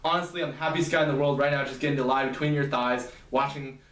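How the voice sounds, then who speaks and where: A man's voice: mid-range voice, fairly even intonation, quick pace, a bit bright, natural voice. A man voicing an eager, cocky young man who talks in a brash, enthusiastic way. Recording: echoey room, mic at a distance.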